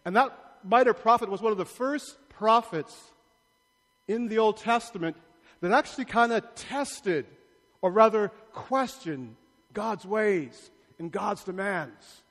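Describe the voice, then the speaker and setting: A male priest preaches with a high, light voice at an unhurried pace. He teases and quizzes his congregation in a playful way. His voice rings out with the long reverb of a large church. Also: fairly bright tone, faint music behind. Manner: playful, asks the congregation questions. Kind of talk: sermon.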